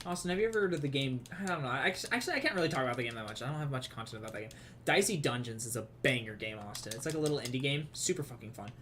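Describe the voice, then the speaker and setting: A man's voice: medium pitch, very fast, fairly bright tone, a little hiss or hum. Profane Southern man streaming games. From Southern United States. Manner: profane, laughing, rambling. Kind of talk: casual gaming stream chat.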